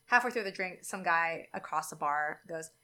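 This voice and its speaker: A young woman, telling a dating story in casual chat and acting out the quotes with big jumps in pitch. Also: expressive, normal speed, pushed and bright.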